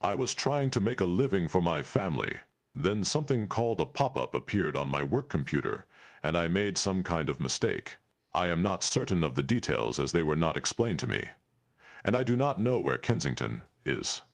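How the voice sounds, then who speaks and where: Man voicing a stranded Klingon, earnest and formal, very low voice, no contractions. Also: very animated, moderate pace, exaggerated voice. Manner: stiff, formal speech without contractions. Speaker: player.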